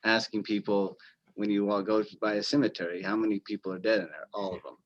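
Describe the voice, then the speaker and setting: A man in a casual chat, slowly telling old jokes with halting fillers and restarts. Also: fairly low pitch, steady tone. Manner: halting, with repeated words and fillers. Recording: dull lo-fi sound.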